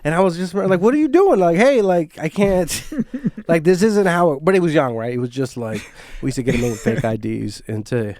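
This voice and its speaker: A man's voice: a little high, brisk, few pauses, darkish tone, no echo, clean studio sound. A man hosting a podcast, chatting casually and rambling with lots of "like" and "right?". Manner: rambling, filler-heavy with "like" and "right?". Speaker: podcast host. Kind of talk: casual chat.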